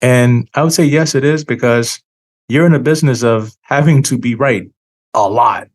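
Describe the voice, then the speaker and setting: A man hosting a finance channel, talking in an opinionated monologue and leaning hard on key words, a little tired. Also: mid-range voice. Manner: emphatic, drawn-out stresses on key words.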